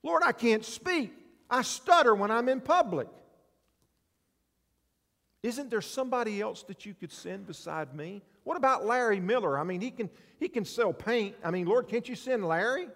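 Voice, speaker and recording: Preacher doing a nervous male prophet, high and pleading, stumbling over his words; big reverberant hall. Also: expressive, normal speed, fairly bright tone. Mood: frantic pleading. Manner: high-pitched, pleading, stammering. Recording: long reverb of a large hall.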